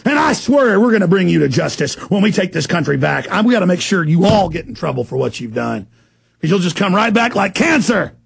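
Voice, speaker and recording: Furious gravelly man in a shouting rant. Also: high voice, lively intonation, fairly quick. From United States. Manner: shouting, furious tirade with sneering mock voices. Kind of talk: angry political rant.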